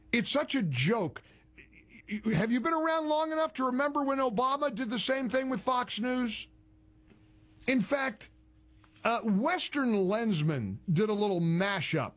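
A male talk radio host whose commentary drips with sarcasm and mockery. His voice sits high for a man and swings widely in pitch, and he takes his time over the words. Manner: heavily sarcastic, mocking.

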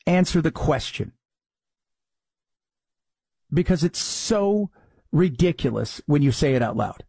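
A man's voice: on the high side, animated, slow, gravelly, pauses often, darkish tone, slightly rough, no room sound. A man hosting a commentary show, talking in a sarcastic, exasperated way. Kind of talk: opinionated commentary.

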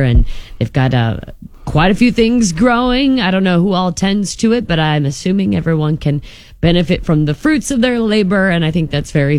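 A chatty female radio co-host with a notably low voice, sharing community news with plenty of fillers. The sound is dry and close on a studio mic. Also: a little mellow, no room sound. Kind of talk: morning radio banter.

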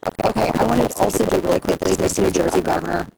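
A woman talk-show host rants with sarcastic, mocking energy. Her voice is full of gravelly fry. It comes over a noisy broadcast recording. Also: on the low side, steady tone, very fast. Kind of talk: opinionated talk show rant.

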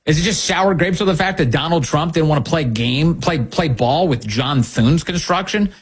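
Husky-voiced, animated political commentator man. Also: fairly high pitch, normal speed. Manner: emphatic and sarcastic, full of rhetorical questions.

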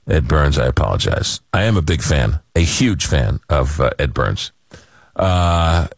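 A man's voice: extremely low pitch, no room sound, clean studio sound. A man from hosting a late-night call-in radio show, telling rambling, self-deprecating stories in a casual chat. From Long Island, New York. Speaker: radio talk show host. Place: radio studio.

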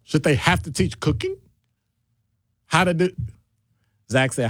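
A middle-aged man hosting a casual call-in radio show, talking in a digressive, animated way. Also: moderate pace, long pauses, husky, no room sound, clean studio sound. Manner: animated, digressive, jumps between deep and high voices. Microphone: studio microphone.

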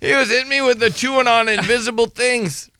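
Man, high and bright, playful teaser on a talk show; dry close sound. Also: fairly even intonation, a little fast, no room sound. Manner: teasing, laughs often. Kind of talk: casual banter.

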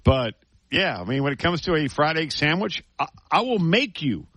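A man co-hosting a sports radio show, talking casually, excitable and emphatic, often restarting his sentences. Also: fairly high pitch, normal speed, no echo.

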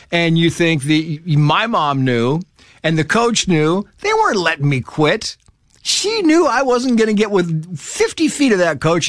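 A man telling personal stories in a casual conversation, lively and acting out the people he quotes. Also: no room sound, clean studio sound. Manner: animated storyteller who acts out quoted voices in high pitch.

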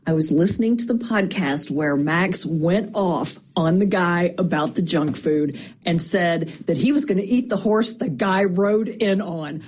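A woman with a husky voice leaving an excited, gushing voicemail for a radio show. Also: fairly low pitch, unhurried, hardly any pauses. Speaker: caller leaving a voice message. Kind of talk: recorded listener voicemail.

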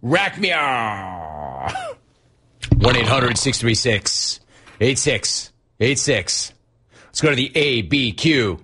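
Husky, riffing male talk radio host. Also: medium pitch, takes it slowly. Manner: energetic, riffing, mock-exasperated.

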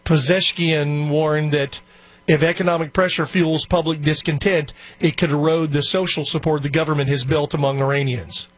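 A man's voice: fairly high pitch, fairly even intonation, moderate pace. A man hosting a talk radio show, chatting in a rambling, opinionated way. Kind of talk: casual talk radio commentary. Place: radio studio.

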